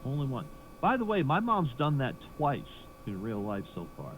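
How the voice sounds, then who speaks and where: A man telling a stand-up joke as a lively storyteller. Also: medium pitch, moderate pace, muffled recording, slight background noise. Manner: lively storyteller, laughs at own punchline. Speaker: comedian telling a joke, then handing to next act.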